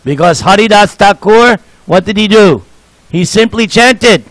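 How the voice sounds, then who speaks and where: Older male preacher, jokey storyteller, highish voice, unhurried. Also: animated, a bit bright, rough recording. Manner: jovial, joking storyteller. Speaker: speaker at a temple program. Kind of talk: sermon with anecdotes.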